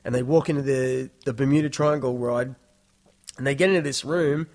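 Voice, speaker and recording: Casting: Australian male podcast host in his thirties, easygoing, digressive storyteller, average pitch. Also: steady tone, brisk, darkish tone. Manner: rambling, self-deprecating storytelling. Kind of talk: casual solo podcast monologue.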